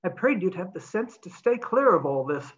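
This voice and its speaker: A woman reading aloud, voicing a stubborn man who speaks calmly and firmly. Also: lowish voice, normal speed, dull audio. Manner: calm, stubborn. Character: stubborn man, steady soldier.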